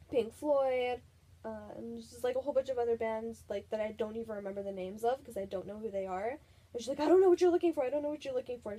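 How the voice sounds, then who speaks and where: Young female vlogger, casual storytime, warm mellow tone, higher pitch, giggly. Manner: chatty, giggly, lots of filler words.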